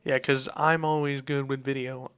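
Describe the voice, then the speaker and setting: A man's voice: mid-range voice, flat delivery, moderate pace, fairly bright tone, clear, resonant tone. A young man hosting a student radio show, chatting casually and rambling with fillers and restarts. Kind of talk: casual chat.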